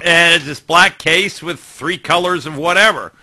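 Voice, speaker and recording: Bright-toned male talk show host. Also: a little high. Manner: wry, leads segments briskly. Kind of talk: casual talk radio banter.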